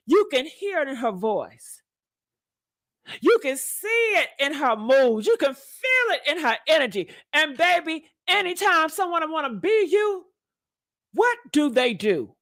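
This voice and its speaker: A woman delivers gossip commentary like a sermon. Her voice sits high and bright and swings wildly up and down. She takes her time, stretching out her emphatic lines. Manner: preachy, emphatic, repeats lines for effect. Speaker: commentary vlogger.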